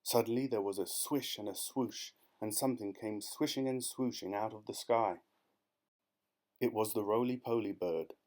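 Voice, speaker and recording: A man's voice: lowish voice, moderate pace. Man narrating a children's story. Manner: lively, expressive reading. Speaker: audiobook reader.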